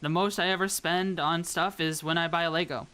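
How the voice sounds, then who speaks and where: A woman's voice: fairly low pitch, steady tone, fairly quick, fairly bright tone, clean tone. A woman from the American South chatting casually with viewers as a streamer while she builds a model. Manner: rambling, chatty, talks to viewers. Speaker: VTuber streamer.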